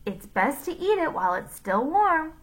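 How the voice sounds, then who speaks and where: A woman's voice: high voice, sing-song, moderate pace, pitched above the performer's own voice, low-quality recording. A woman voicing a brash, cheerful lunch lady who talks in a sassy, matter-of-fact way. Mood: sweetly sly.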